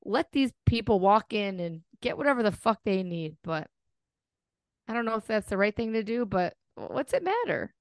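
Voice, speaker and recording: A woman's voice: medium pitch, very animated, normal speed, dry recording. A woman co-hosting a podcast in casual chat, blunt and freely profane. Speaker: podcast co-host.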